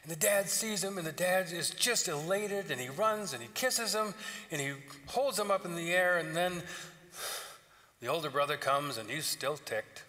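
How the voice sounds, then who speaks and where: Joking pastor in a reverberant church. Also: male voice, fairly high pitch, expressive, normal speed, bright, forceful tone. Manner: joking, conversational storytelling. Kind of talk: sermon. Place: church sanctuary.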